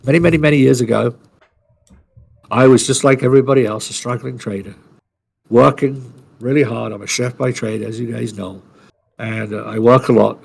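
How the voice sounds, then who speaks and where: A man's voice: mid-range voice, fairly even intonation, moderate pace, creaky, darkish tone, breathy edge. A male podcast co-host telling a personal story in a casual, blunt, salty way, rambling with restarts.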